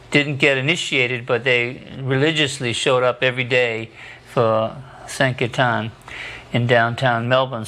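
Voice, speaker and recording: A man narrates a documentary segment in a casual, matter-of-fact way. His voice sits at a middling pitch and stays flat. He hesitates often as he goes.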